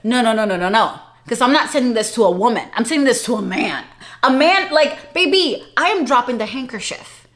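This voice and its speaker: A young adult woman vlogging, telling a story in a chatty, animated way and laughing often. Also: a little high, a little fast. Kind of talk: casual storytelling vlog.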